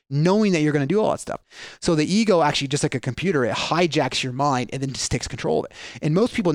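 A man's voice: on the high side, no room sound, studio quality. A man explaining ideas earnestly in a podcast conversation, with frequent restarts and fillers.

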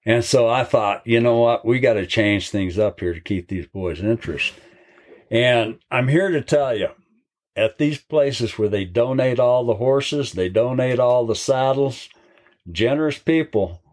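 A man's voice: medium pitch, a little slow, darkish tone. An older man and horse trainer, telling a long, folksy story in an interview.

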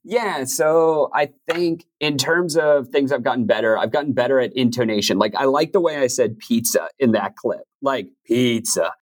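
A man's voice: medium pitch, normal speed, few pauses, a little hiss or hum. A man talking casually and reflectively in an interview, with many "like"s. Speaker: podcast host and narrator. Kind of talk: interview conversation.

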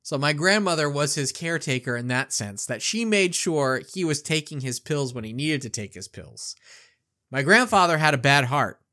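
Animated male podcast storyteller. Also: on the high side, normal speed. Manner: animated, acts out the quotes. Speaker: podcast co-host. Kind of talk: casual storytelling.

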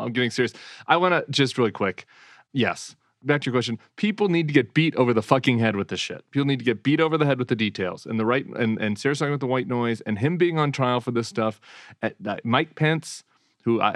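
A man's voice: mid-range voice, dry recording. Guy on a politics podcast, swears a lot, blunt, dry close sound. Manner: blunt, profane, animated. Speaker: podcast co-host. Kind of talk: casual political chat.

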